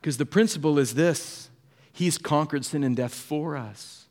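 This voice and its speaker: A man preaching a sermon as a pastor, telling stories with acted-out quotes, moving between hushed and animated delivery. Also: fairly high pitch, measured pace.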